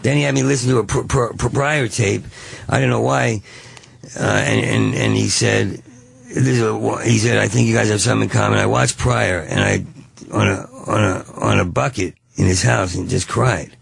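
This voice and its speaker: Gravelly, stammering man telling stories. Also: fairly low pitch, fairly even intonation. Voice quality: stammers and repeats sounds. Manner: rapid, manic, free-associating. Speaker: comedian guest. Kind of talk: rambling interview storytelling.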